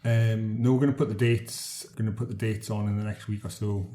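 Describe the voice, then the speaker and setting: Hesitant low-voiced male guest. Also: steady tone, brisk, mellow. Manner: hesitant, full of ums and restarts. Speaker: interview guest, tour company founder. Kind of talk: casual interview answers. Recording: roomy echo.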